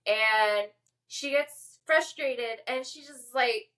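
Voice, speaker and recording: Bright-voiced deadpan woman co-host. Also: on the high side, slow pace. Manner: deadpan delivery. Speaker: podcast co-host. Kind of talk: casual chat.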